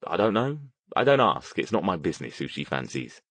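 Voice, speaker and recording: A man's voice: sits low, a little fast, no room sound, full character voice. Man voicing a dry, grumbling mage. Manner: dry, muttering, deadpan. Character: dry, reserved male mage, wry and grumbling.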